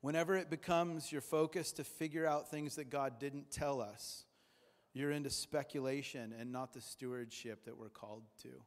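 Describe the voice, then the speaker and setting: The speaker is a pastor giving a sermon in a church sanctuary, chatting and joking and imitating the people he quotes. His mid-range voice holds a steady tone at normal speed. The room leaves a long reverb tail.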